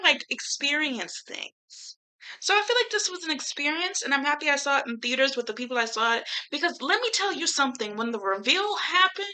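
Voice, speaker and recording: A young woman chatting casually to her camera as a YouTuber, animated and slangy, laughing often and swearing freely. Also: high voice, low-quality recording. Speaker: YouTuber reviewing a film. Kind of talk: casual chatty movie review.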